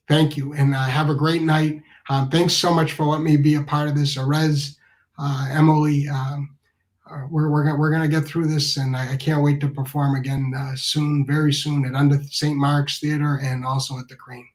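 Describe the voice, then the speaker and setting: A man tells a casual, comic anecdote. His voice sits a little higher than most men's, and he rambles through it with restarts, asides and self-corrections. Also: level tone, moderate pace, rough recording. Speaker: storyteller.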